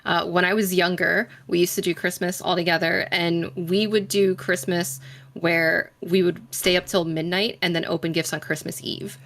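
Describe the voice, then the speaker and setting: A woman casually sharing a story in a relaxed, chatty way. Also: on the low side, moderate pace, slight background noise. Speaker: team member sharing a memory.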